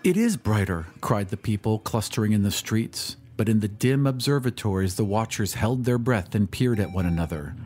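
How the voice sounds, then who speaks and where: A man giving a measured, dramatic audiobook narration of a classic story. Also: fairly low pitch, darkish tone. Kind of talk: scripted narration. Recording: faint music bed under narration.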